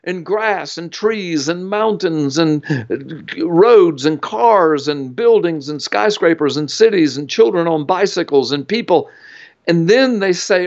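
A man's voice: fairly high pitch, highs cut off. A man guest in an interview, explaining with an earnest, emphatic, preacherly storytelling manner. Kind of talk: interview teaching.

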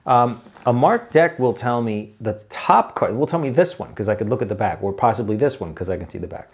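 A man who is a magician, talking to the camera while doing card tricks, sarcastic and slowing down to spell things out. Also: mid-range voice, lively intonation.

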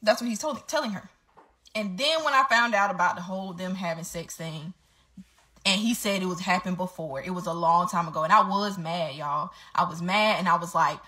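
A woman's voice: mid-range voice, expressive, fairly quick, pushed and bright. A woman telling her story straight to camera in a casual storytime vlog, candid and swearing freely.

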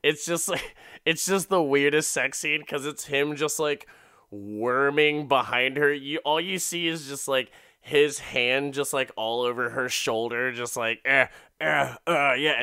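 A man's voice: mid-range voice, sharp tone, smooth, no echo, studio quality. Profane rambling man recapping an episode. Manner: profane, rambling, filler-heavy storytelling. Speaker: podcast host. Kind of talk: casual comedic episode recap.

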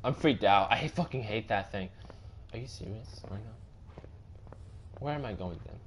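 A man's voice: lowish voice, normal speed, a little hiss or hum. A young man commenting on a horror game, panicky, swearing and repeating himself. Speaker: gaming video host.

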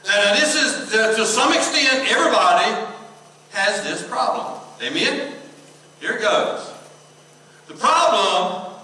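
High-voiced pastor preaching in an echoey church. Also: male voice, bright, forceful tone. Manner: call-and-response preaching, reads scripture slowly, tells jokes. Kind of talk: sermon. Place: church sanctuary. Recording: echoey church hall from far off.

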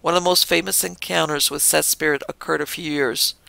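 A man's voice: fairly high pitch, steady tone, fairly quick, creaky, sharp tone, no echo, full character voice. A man reading the quoted words of a longtime female hotel desk clerk who recounts ghost stories in a matter-of-fact way. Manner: matter-of-fact, anecdotal telling.

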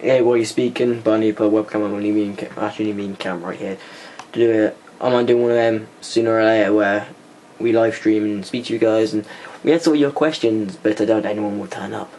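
A man's voice: on the low side, fairly even intonation, fast, mellow. A young man chatting casually in a home vlog while playing a computer game, rambling and muttering curses at the game. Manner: rambling, swears at the game, mutters under his breath. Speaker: vlogger. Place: indoors at a computer. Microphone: camera mic, held by hand. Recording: noisy home camera recording.

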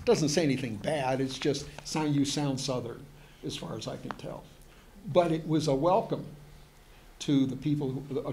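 A man's voice: mid-range voice, darkish tone. A man, a museum historian, giving a lecture to an audience, hesitant with many fillers and restarts, and chatty with joking asides.

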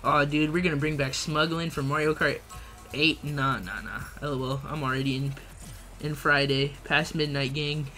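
Bright-voiced young man chatting with his stream. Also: on the high side, little pitch movement, normal speed, faint music behind. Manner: slangy, laughs often, reads chat aloud. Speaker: gaming livestreamer. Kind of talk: casual live-stream chat.

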